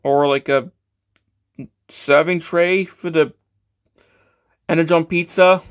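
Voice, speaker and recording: A man's voice: a little high, steady tone, slow pace, smooth. Stammering man reviewing a toy. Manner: stammering, with many fillers and restarts; self-deprecating, matter-of-fact.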